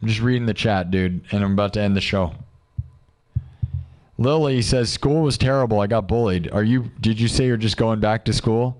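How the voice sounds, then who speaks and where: A man's voice: fairly low pitch, normal speed, darkish tone. A young man hosting a livestream, chatting casually and joking while he reads out viewer comments, rambling and firing off rhetorical questions. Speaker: livestream host.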